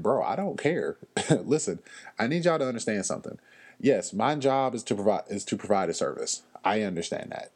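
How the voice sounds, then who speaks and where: Low-voiced man, casual blunt storyteller. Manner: animated storyteller, slangy and blunt; frequent fillers and pauses. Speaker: podcast host. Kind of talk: casual chat.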